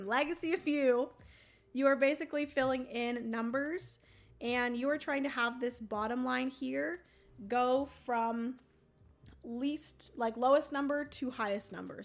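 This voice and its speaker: A woman hosting a board game livestream, explaining the rules casually with many ums and a throaty morning voice that she keeps clearing. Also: sits high, steady tone, unhurried. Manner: chatty, many ums, thinks aloud.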